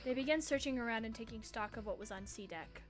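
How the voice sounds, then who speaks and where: Woman narrator, fairly high, steady expressive read, soft music under. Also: fast talker. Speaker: narrator and streamer. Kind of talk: narrating a game aloud on stream.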